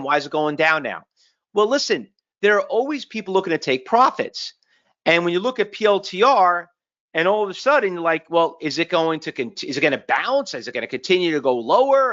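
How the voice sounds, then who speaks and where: A brash trading educator talks through charts in a live webinar, firing one rhetorical question after another. The voice sits at a middling pitch. The audio is dull and lo-fi, like a streamed online session. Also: fairly bright tone. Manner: punchy, street-smart, full of rhetorical questions and tag "okay?".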